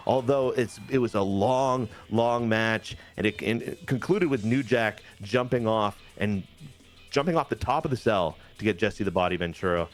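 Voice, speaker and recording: A man casually recapping wrestling matches from a video game, in an animated, jokey play-by-play way. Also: fairly low pitch, moderate pace, soft background music. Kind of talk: casual gaming chat.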